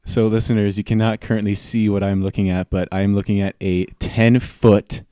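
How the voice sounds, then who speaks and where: A man's voice: lowish voice, level tone, normal speed, no room sound, clean studio sound. A man hosting a comedy podcast who interviews a made-up guest in a jumpy, flustered way. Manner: jumpy, flustered, yells in fake panic. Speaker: podcast host.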